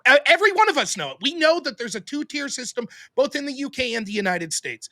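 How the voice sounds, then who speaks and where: A man co-hosting a casual political commentary show, heated and animated. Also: very high-pitched, fast talker. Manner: animated and heated, acting out quoted voices. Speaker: co-host.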